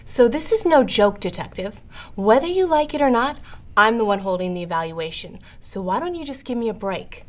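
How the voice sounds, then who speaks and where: An actress playing a no-nonsense police psychological evaluator who speaks in curt, professional tones. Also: female voice, on the high side, expressive, normal speed, natural voice. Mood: stern. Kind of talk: film dialogue.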